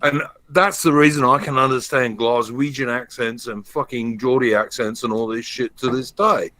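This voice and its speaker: Middle-aged South London man, bright edgy voice, emphatic and sweary panelist. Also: medium pitch, steady tone, normal speed, no echo. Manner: blunt, emphatic, swears freely. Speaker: podcast panelist. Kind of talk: casual chat.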